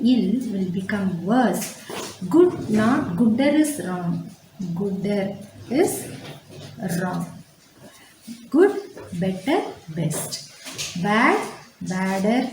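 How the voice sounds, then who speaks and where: A woman teaching a grammar lesson, stating each word form slowly and repeating herself for emphasis. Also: medium pitch, dark tone, slight background noise. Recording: echoey room.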